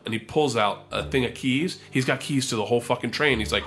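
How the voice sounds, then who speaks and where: A man telling a wild comedy story, animated and profane, acting out the quotes. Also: mid-range voice, fairly quick, few pauses, faint music behind.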